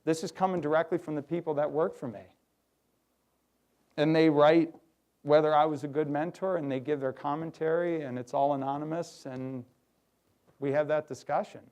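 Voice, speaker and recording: A middle-aged man giving a lively workshop talk to an audience, acting out quoted voices. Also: fairly high pitch, moderate pace. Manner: animated, acts out quoted voices. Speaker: workshop speaker. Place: hotel conference room.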